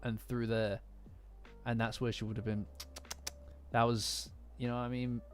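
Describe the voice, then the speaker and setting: Streaming from Nottingham, this man reacts to a manga chapter with his chat in a casual, rambling way, easily distracted and quick to mock himself. His Nottingham English sits in a mid-range voice with little pitch movement at a normal speed, and faint lofi music plays in the background.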